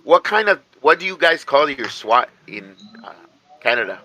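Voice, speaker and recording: Man, very bright tone, rambling casual chat, frequent restarts. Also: fairly high pitch, very animated, normal speed, a little hiss or hum, poor audio. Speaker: podcast co-host.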